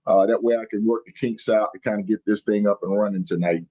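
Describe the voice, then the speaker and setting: Live-streaming his podcast from the road, a middle-aged host chats in a folksy, hyped way and keeps greeting viewers by name. His lowish, mellow voice holds a steady tone at a fast pace, and the recording sounds muffled.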